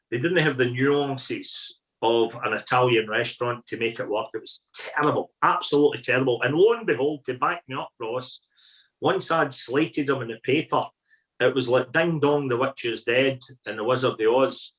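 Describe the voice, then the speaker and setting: A middle-aged Scottish man, a podcast guest telling colloquial, lively stories as a food critic. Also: medium pitch, rough recording. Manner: colloquial, animated raconteur. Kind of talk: anecdotal storytelling.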